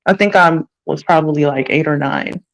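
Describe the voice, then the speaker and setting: A man with a slightly raised pitch speaks in casual conversation. He recalls early memories in a calm, reflective way, with an even and unhurried delivery. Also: low-quality recording.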